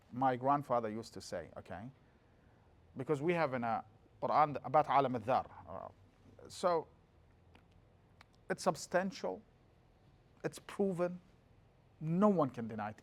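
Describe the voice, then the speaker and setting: A middle-aged man giving a classroom lecture as a religious teacher, explaining lively and breaking into quick chanted scripture passages. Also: medium pitch.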